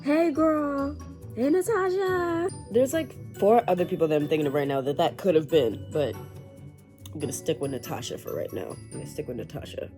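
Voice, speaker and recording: A woman's voice: medium pitch, very animated, normal speed, mellow, faint music behind. A woman in her twenties reacting to a book in a casual reading vlog, swearing, laughing and shrieking as she reads. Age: 20s. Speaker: book reviewer.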